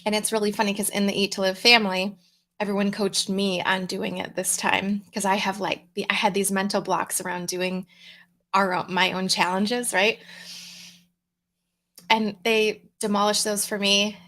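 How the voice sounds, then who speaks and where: Woman, livestream host, upbeat and chatty, welcoming viewers by name, mid-pitched voice. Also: normal speed. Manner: relaxed, chewing mints between words. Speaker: host and coach running a live challenge. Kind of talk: casual livestream chat, greeting commenters. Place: home room with a fan, livestream.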